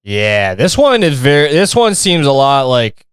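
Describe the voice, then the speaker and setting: A man's voice: medium pitch, big pitch swings, unhurried, clear, resonant tone, no room sound, studio quality. A man hosting a podcast, reacting to videos in a casual, profane and mocking rant. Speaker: podcast host.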